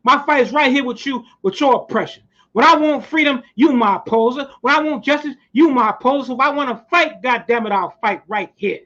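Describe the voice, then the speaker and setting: A man's voice: very high voice, fairly quick, hardly any pauses, pushed and bright, voice pushed up. A man impersonating a boastful, defiant heavyweight boxer who taunts with rhyming brags. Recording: muffled lo-fi recording.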